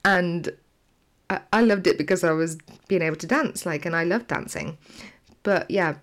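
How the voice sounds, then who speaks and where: A woman's voice: on the low side, normal speed. A woman co-hosting a podcast in casual chat, talking freely and laughing often. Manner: chatty, laughs often, uses "like" a lot. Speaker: podcast co-host.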